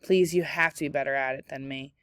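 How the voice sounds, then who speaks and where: A woman's voice: very deep voice, fairly even intonation, fairly quick, clean tone, dry recording, clean studio sound. A woman voicing an anxious young schoolgirl who speaks hesitantly and pleads for help. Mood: pleading.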